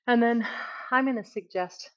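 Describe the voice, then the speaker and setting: A woman with a voice on the high side leads a yoga class, offering casual, self-deprecating cues as she moves through the poses. The recording is muffled.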